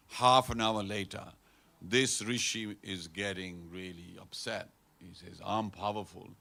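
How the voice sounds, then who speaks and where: A man's voice: mid-range voice, creaky, fairly bright tone. A man giving a conversational storytelling talk at a temple, acting out the characters in his stories. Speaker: temple speaker. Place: temple hall.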